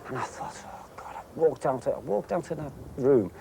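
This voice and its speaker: Gravelly ex-footballer recounting his old manager. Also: mid-range voice, expressive, normal speed, background noise. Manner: vivid retelling, mimicking his manager's fierce outbursts. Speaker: former footballer. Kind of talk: interview anecdote.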